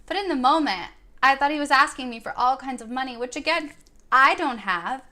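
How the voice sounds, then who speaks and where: A woman's voice: sits high, fairly quick, sharp tone. A young woman vlogger telling a personal story in an earnest, reflective way, now and then quoting her own words. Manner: earnest and thoughtful, quoting herself in dialogue.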